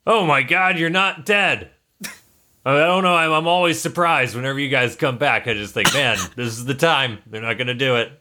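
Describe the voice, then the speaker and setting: A man's voice: medium pitch, normal speed, bright, forceful tone, natural voice. A man voicing a friendly, nervous male airship crewman who talks in a chatty, fretful way. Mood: relieved, fretful.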